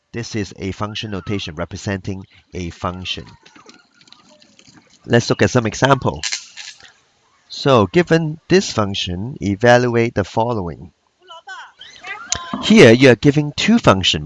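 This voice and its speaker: A man's voice: mid-range voice, big pitch swings, moderate pace, pauses often, a little hiss or hum. A man teaching math in a recorded lesson. He speaks patiently, repeats each key point, and talks in plain phrasing with loose grammar.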